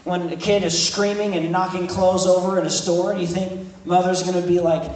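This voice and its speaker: High-voiced preacher in an echoey room. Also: male voice, little pitch movement, normal speed, darkish tone, distant mic. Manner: conversational preaching, repeats words and restarts. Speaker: pastor. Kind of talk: evening sermon with scripture reading. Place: church service in a room. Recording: echoey room, speaker off-mic, faint noise.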